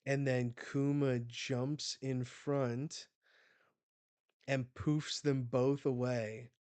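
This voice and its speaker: A man hosting a live manga reaction, retelling the chapter excitedly and swearing as he goes. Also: mid-range voice, extremely slow, dry recording.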